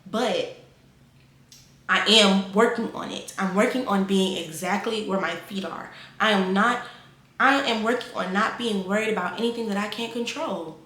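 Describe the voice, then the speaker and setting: A woman in her twenties giving casual life advice, animated and repeating phrases for emphasis. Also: mid-range voice, normal speed, reverberant. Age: 20s.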